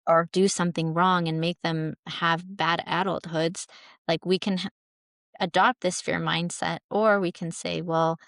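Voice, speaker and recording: Earnest woman therapist with gravelly voice. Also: on the low side, little pitch movement, measured pace, a bit bright, dry recording, studio quality. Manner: thoughtful, earnest explaining with many restarts. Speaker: therapist guest. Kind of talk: conversational podcast interview.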